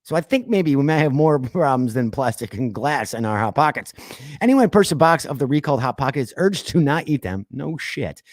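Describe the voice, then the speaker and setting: A man hosting a podcast, reading odd news stories aloud and breaking off into sarcastic asides, laughs and deliberate quiet pauses. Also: medium pitch, lively intonation, no echo, clean studio sound. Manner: reads news items then riffs with sarcastic asides and laughs; drops to quiet voice for dramatic pauses. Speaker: podcast host. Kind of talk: casual news commentary.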